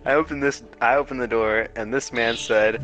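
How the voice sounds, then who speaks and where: A man's voice: mid-range voice, fairly even intonation, moderate pace. A young man streaming, telling a story in casual slang and laughing often. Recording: loud music behind. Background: loud music.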